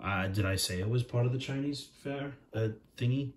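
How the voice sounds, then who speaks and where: A man's voice: medium pitch, normal speed. A man narrating a homemade train story casually, with rambling, jokey asides.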